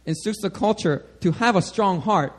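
High-voiced man preaching a lively sermon. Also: moderate pace. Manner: animated, checks in with "all right?" often. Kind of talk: sermon teaching.

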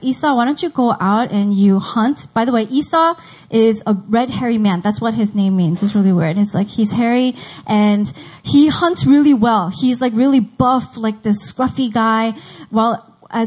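Woman, casual Bible teacher, fairly high voice, playfully voices the characters. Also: a little mellow, rough recording. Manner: chatty, acts out characters' lines. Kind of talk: casual Bible story lesson.

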